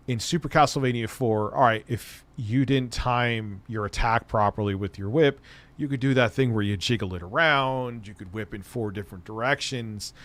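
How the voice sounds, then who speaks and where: A man hosting a casual livestream, chatting with viewers in a rambling, enthusiastic way and swearing freely. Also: lowish voice. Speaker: streamer host.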